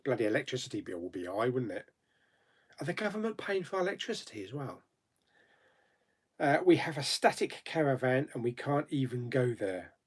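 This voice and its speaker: A YouTube host with a husky, medium-pitched voice runs a casual live chat, very animated and speaking at a normal pace. Chatty and laughing often, he reads viewer comments aloud and then answers them.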